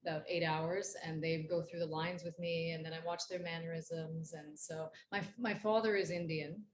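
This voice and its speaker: Lively, rather low-voiced actress telling stories. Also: female voice, moderate pace, a little hiss or hum. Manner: lively storyteller, acts out quoted voices. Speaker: actress and interview guest. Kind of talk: casual interview storytelling.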